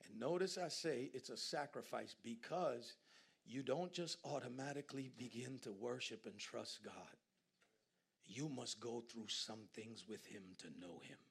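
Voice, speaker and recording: A man from Guyana preaching a sermon in a church, swinging from hushed asides to loud, laughing exclamations. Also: mid-range voice, a little slow, vocal fry, husky. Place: church sanctuary.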